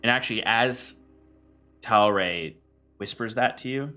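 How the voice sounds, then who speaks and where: A man narrating and running a tabletop game as game master, in a relaxed, halting way. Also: mid-range voice, soft background music.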